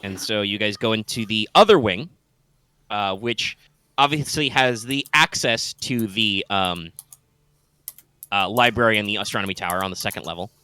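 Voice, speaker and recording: A man's voice: fairly low pitch, normal speed, sharp tone, clear, resonant tone, no echo. A man narrating a tabletop game as game master, describing scenes loosely with lots of fillers.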